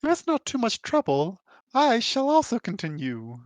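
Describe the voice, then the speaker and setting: A man's voice: very high voice, huge pitch swings, moderate pace, no echo, voice pushed up, exaggerated voice. A man voicing a flustered, pompous scholar with a put-on pompous British accent and a stiff, formal drawl.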